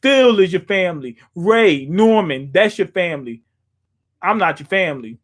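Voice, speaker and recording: A young man with a notably high voice rambles through a casual live stream from a small room at home. His talk is loose and profane, full of ums, restarts and asides. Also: lively intonation, moderate pace. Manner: loose, profane, thinking aloud with fillers. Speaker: streamer reacting to a manga chapter.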